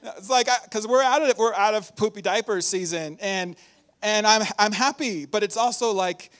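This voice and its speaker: High-voiced, upbeat male preacher. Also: moderate pace. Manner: upbeat and animated, laughs often between points. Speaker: pastor. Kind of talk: sermon. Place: church hall.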